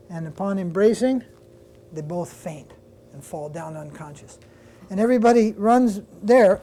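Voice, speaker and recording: An older man, a swami, giving a religious class, lively retelling a devotional story with quoted voices and pausing to recall details. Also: sits high.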